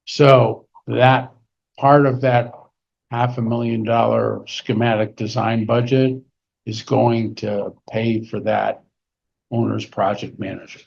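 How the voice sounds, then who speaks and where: A man with a New England accent, a board member at a town meeting, explaining points in a measured way. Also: mid-range voice, level tone, gravelly, husky. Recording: dull community TV audio with faint room noise.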